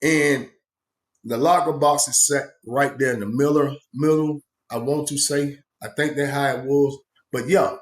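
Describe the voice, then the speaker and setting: A man's voice: mid-range voice, fairly even intonation, measured pace. A man casually telling a story from his own past, rambling with slang and many asides. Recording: echoey room.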